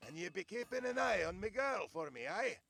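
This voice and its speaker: An actor playing a gruff, protective male dwarf father who gives commands in a game. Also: high voice, big pitch swings, brisk, bright, forceful tone, exaggerated voice. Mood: stern.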